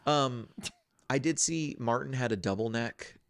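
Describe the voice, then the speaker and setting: A man's voice: medium pitch, measured pace, gravelly, dry recording, clean studio sound. A man co-hosting a casual chat, telling rambling stories full of fillers. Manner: rambling storyteller, many fillers. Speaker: co-host.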